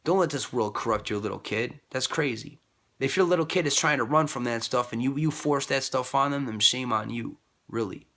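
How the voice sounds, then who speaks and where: In a loose, meandering monologue about faith and love, a man keeps repeating himself, and his pitch leaps up whenever he quotes someone else. His voice comes across creaky, pushed and bright.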